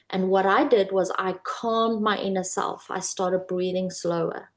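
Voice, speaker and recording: A woman coaching viewers on manifesting in a casual, animated talk to camera, often calling them "you guys". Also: mid-range voice, a little slow, few pauses. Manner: animated, addresses viewers as "you guys", acts out quoted voices.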